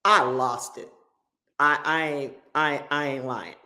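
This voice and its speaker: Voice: medium pitch, steady tone, takes it slowly, pushed and bright. A pastor telling a story in a sermon, impassioned and repeating key phrases for emphasis.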